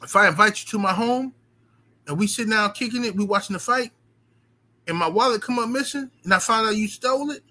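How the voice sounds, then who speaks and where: A man's voice, high-pitched and piercingly bright, tells a story to his stream audience. His delivery is emphatic, animated and loaded with profanity. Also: a little fast, low-quality recording. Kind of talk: casual storytelling rant.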